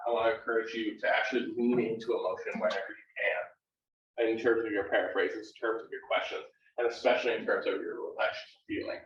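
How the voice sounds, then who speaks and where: A man's voice: lowish voice, a bit bright, slight background noise. A male university counselor leading a live workshop, talking conversationally and often checking in with "right?". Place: classroom or workshop room. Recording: roomy, distant and dull live room recording.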